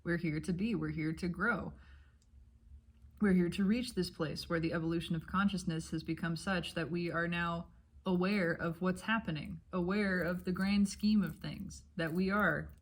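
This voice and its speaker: A woman's voice: on the low side, fairly even intonation, normal speed. A woman talking through spiritual ideas in a meandering, thoughtful monologue, eating breakfast and talking with her mouth full. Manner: meandering, thoughtful, casual swearing. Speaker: spiritual vlogger. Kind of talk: rambling reflective monologue.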